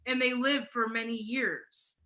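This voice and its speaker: Bright, chatty woman in her forties. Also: fairly high pitch, unhurried. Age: 40s. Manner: chatty and animated, laughs often, acts out quotes. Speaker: host. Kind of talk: casual livestream chat.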